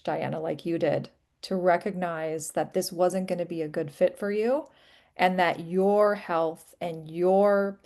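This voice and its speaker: Encouraging woman moderator, slightly low voice. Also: a little mellow. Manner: affirming, encouraging, reads audience questions. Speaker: webinar moderator. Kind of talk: webinar panel moderation.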